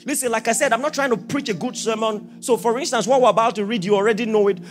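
A man preaching a sermon as pastor, asking rhetorical questions and swinging from quiet talk to shouted declarations. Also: extremely high pitch, fast talker.

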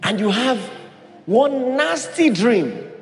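A Nigerian man preaches with a high voice and swings hard between low and soft. He acts out the people in his stories as he talks, and the sound rings through a large hall with soft music underneath. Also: very animated, takes it slowly. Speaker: pastor. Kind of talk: sermon.

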